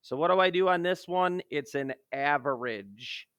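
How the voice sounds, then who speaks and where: A man talking through a geometry lesson as a math teacher, joking and poking fun at himself. His voice is bright and sharp and sits a little high. It is recorded close and dry, with no room sound. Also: moderate pace, clear, resonant tone, no room sound. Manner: joking, self-deprecating, jumps from playful outbursts to mutters.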